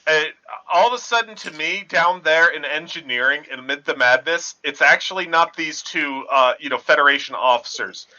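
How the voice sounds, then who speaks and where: Bright-voiced man running a tabletop game. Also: on the high side. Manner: halting, filler-heavy narration. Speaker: game master. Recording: dull lo-fi audio.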